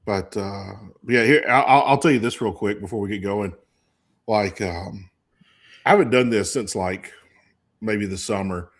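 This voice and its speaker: A man's voice: on the low side, a little slow. A man in his forties co-hosting a casual sports talk show, telling a rambling story full of restarts and fillers. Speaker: co-host. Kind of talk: casual chat.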